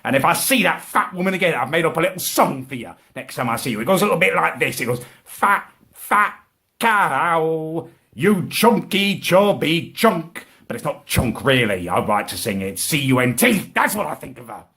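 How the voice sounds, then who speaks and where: A man's voice: medium pitch, sing-song, quick pace, creaky, few pauses, bright, forceful tone. A young man ranting furiously in a comedic vlog, swearing and full of petty indignation. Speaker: comedic vlogger.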